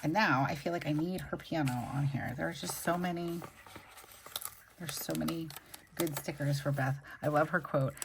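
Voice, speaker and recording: Low, gravelly-voiced woman chatting while planning. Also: normal speed, noisy background. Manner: gushing, chatty, talks while sticking stickers. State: recovering from a migraine. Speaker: planner channel host. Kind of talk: casual plan-with-me chat.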